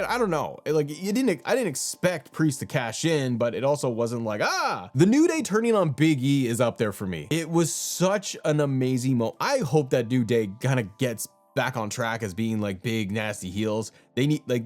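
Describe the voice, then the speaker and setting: A man's voice: on the high side, darkish tone. A young man hosting a wrestling channel, talking in a casual, rambling way with lots of restarts. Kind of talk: casual commentary.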